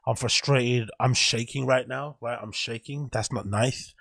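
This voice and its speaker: A young English man hosts his own show, ranting with plenty of swearing and frustration. His voice is gravelly and a little husky. The sound is dry and close. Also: medium pitch, steady tone, measured pace, a bit bright, no echo. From England. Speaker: show host. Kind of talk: casual solo commentary.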